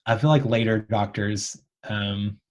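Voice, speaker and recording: A young man with a low voice co-hosts a podcast in easy, casual chat. He talks in halting bursts, stopping and restarting often and leaning on fillers as he thinks aloud. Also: fairly even intonation, a little mellow. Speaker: podcast co-host.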